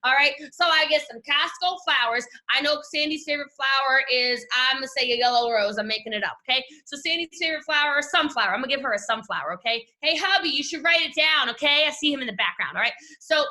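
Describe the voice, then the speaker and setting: A woman with a Southern US accent giving an animated, gushing motivational talk on a video call from her home desk. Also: high voice, fast, few pauses. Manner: animated, gushing, talks straight to listeners. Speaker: team leadership speaker.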